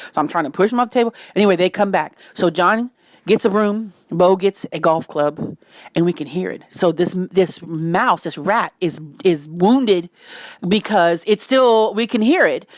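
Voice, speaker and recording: A woman's voice: fairly low pitch, moderate pace, no room sound, studio quality. A woman with a Cajun accent telling a wild home story in casual Southern speech, with sudden shrieks and laughter. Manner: animated, breaks into shrieks and laughter.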